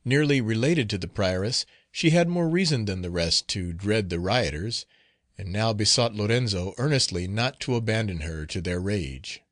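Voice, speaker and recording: A man narrating a classic novel in a measured, formal storytelling manner. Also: on the low side, animated, no room sound, clean studio sound. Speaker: audiobook narrator.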